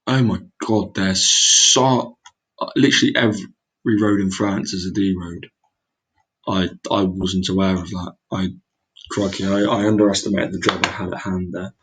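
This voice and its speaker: Young bloke talking to himself over a guessing game, low husky voice, bit self-mocking. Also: male voice, steady tone, normal speed, a bit bright, low-quality recording. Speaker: gaming video creator. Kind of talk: casual gameplay commentary.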